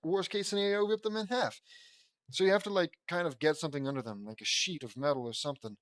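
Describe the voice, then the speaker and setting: A man reads his fan fiction aloud and keeps wandering into rambling asides. His voice sits fairly high. The sound is dry and close. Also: fast talker, no room sound. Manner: rambling, lots of fillers and restarts. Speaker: audiobook reader of fan fiction. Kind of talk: reading aloud with rambling commentary.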